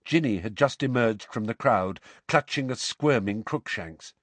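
A man reading a storybook aloud as narrator, measured and expressive. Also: mid-range voice, no echo. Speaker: audiobook narrator.

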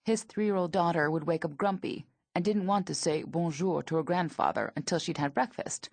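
A woman in her thirties narrating her memoir in a dry, observational manner, with a husky, gravelly voice. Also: lowish voice, moderate pace, a little mellow, no echo. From United States.

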